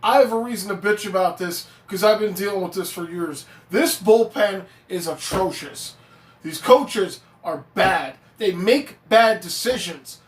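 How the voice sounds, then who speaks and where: A man's voice: sits high, a little slow. Profane fired-up male sports streamer. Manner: reads viewer chat aloud. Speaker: live streamer, sports fan. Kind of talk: live stream sports reaction rant. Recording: echoey room.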